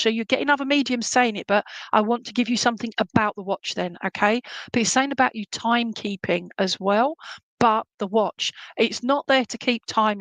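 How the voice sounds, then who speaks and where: A woman giving live psychic readings to viewers, chatty and animated, humming tunes and relaying messages as she goes. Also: fairly high pitch, dry recording.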